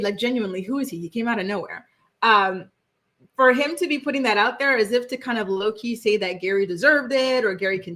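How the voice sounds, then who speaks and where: A woman's voice: mid-range voice, sharp tone. A young adult woman hosting a celebrity gossip livestream, chatting casually, reacting to viewer comments, with constant "like" and "right?" tags and emphatic opinions.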